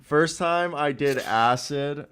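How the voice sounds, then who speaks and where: A man's voice: on the high side, takes it slowly, a bit bright. A young man from Minnesota co-hosting a casual talk show, rambling and swearing his way through stories. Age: young adult. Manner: rambling, profane storytelling. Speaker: co-host. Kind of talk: casual chat.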